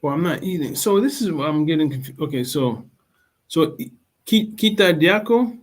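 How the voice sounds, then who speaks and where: A man's voice: fairly high pitch, lively intonation, normal speed, a little mellow. A man on a video call as a student in a language lesson, answering hesitantly and apologizing when unsure.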